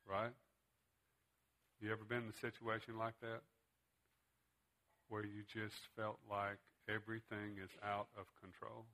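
A man's voice: on the low side, fairly bright tone. A man teaching a Bible class in a conversational way, putting questions to his students.

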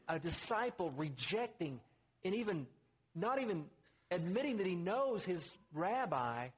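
A man preaching a conversational sermon, acting out the quotes he reads. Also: slightly rough. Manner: conversational, acts out quotes with rising pitch.

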